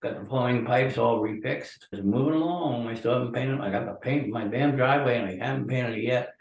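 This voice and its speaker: A man rambles through a grumbling solo monologue, sounding groggy and worn from pain medication. His voice sits in a middle pitch and carries the hollow ring of a room. The mic is a little distant, and faint music plays underneath. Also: fairly quick, lo-fi sound. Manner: ranting and grumbling. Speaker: podcast host. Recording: roomy echo from a distant mic.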